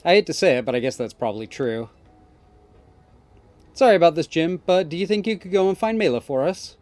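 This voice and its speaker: A man's voice: fairly high pitch, expressive, a little fast, a little mellow, dry recording, pitched above the performer's own voice, lightly acted. A man voicing a friendly, upbeat young male gang boss who talks cheerfully and apologetically. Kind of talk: reading game dialogue aloud.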